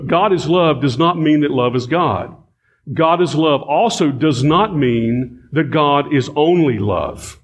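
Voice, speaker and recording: Emphatic preacher man, slightly high voice. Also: breathy edge. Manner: emphatic, repeats key phrases, addresses congregation as folks. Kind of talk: sermon.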